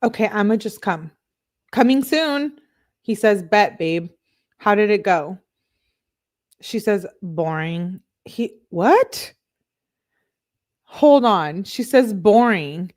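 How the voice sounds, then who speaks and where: A woman's voice: mid-range voice, animated, takes it slowly, pauses often, a little mellow. A young woman hosting a casual chat, reading text messages aloud and breaking off with laughing reactions and asides. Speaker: true crime commentary host.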